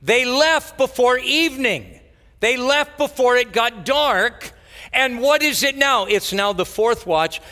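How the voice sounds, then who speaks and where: Male pastor, slow sermon delivery, expressive swings from high and loud to soft and low, church sanctuary with a long reverb tail. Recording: hall reverb.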